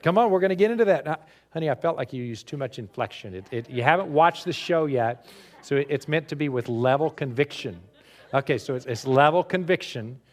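A man preaching a sermon as pastor, animated and rising loud on key points, recorded for a live stream. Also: fairly high pitch, brisk.

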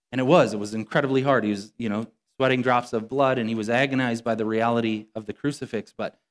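In a mid-range voice, a pastor delivers an earnest, conversational sermon. Whenever he quotes scripture, he slows down and grows quieter.

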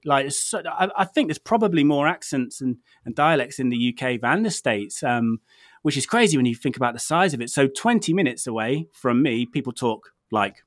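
An English man from the Midlands, talking in a loose, rambling way, full of "um"s and restarts. His voice sits at an ordinary middle pitch, and the recording is dry and close with no room sound. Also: fairly bright tone, no echo. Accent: English, lived in London. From England, near Birmingham. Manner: rambling, self-deprecating, many fillers and restarts. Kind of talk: casual chat.

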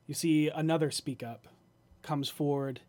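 A man narrating a tabletop game as game master, slow and hesitant with fillers. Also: fairly high pitch, steady tone, darkish tone.

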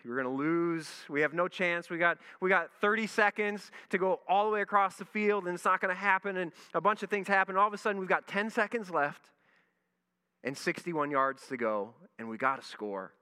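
A man, a pastor, telling a lively story in a sermon and acting out his own reactions. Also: high-pitched, a little fast, smooth. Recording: long reverb in a large hall.

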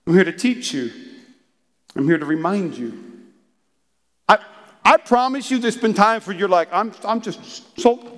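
A man's voice: high-pitched, normal speed, long pauses, in a large hall. A male pastor preaching a sermon to his congregation in a church, talking casually and with animation, and acting out little voices as he goes. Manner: animated, conversational preaching with acted asides. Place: church hall.

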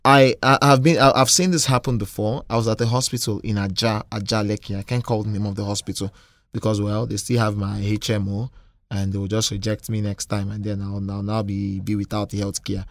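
Emphatic Nigerian man, lowish voice. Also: level tone, fairly quick, dry recording. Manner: emphatic, repeats words, gets loud when heated. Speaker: podcast co-host. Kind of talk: casual chat.

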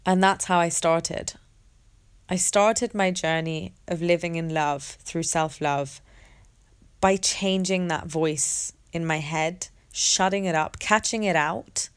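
A woman sharing a personal story in a candid monologue, reflective and halting, with many restarts and fillers. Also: fairly low pitch, fairly even intonation, clear, resonant tone. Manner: earnest and open, swears casually.

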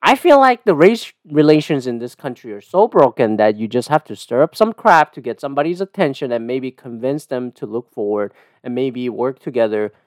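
A podcast host ranting casually and profanely, with heated, animated outbursts. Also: male voice, mid-range voice, dry recording, clean studio sound. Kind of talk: casual solo podcast rant. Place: lives in a city condo.

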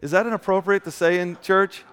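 A man preaching a casual, story-filled sermon, often dropping to a soft hushed tone. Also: high-pitched, steady tone, fairly quick, smooth. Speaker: pastor. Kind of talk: conversational sermon with stories. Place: church. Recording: long church hall reverb.

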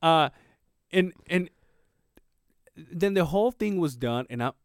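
A man co-hosting a podcast tells a story in loose, profane chat. He acts out quotes and his voice jumps up as he does. His voice sits slightly high and sounds dry and close. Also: slow, no room sound. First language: Spanish. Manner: animated, swearing, acts out quotes with rising voice. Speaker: podcast co-host.

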